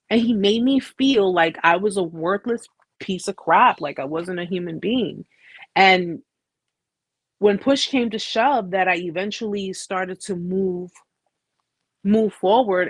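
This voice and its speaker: A woman's voice: mid-range voice, slightly rough, no echo. An American woman hosting a live chat, telling her story in a casual, blunt way with slang and frequent restarts. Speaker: host.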